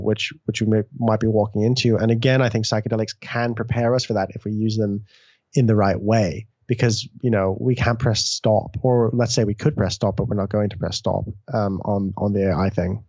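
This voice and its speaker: A man talking as a guest author, animated and loose, often restarting his sentences and swearing casually. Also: lowish voice, normal speed, no echo. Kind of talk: conversational interview. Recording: dull lo-fi dry audio.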